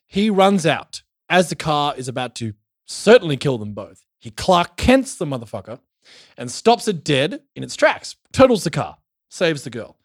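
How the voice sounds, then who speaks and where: A man's voice: a little high, normal speed, slightly rough, no echo, clean studio sound. A man from Australia casually recapping a show as podcast co-host, telling it with energy and swearing. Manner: animated storytelling with swearing.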